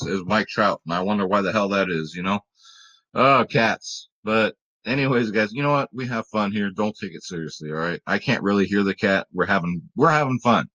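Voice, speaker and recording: A man's voice: fairly low pitch, a little fast, a bit bright. A young adult man hosting a fantasy sports picks video, chatting casually and joking with his cat. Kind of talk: casual chat.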